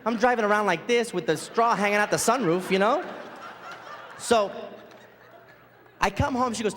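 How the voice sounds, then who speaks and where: A man's voice: sits high, moderate pace, pauses often, fairly bright tone, slight background noise. A man doing a stand-up comedy set on a theater stage, telling stories animatedly and acting out his wife's lines. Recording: live hall reverb, faint ambience.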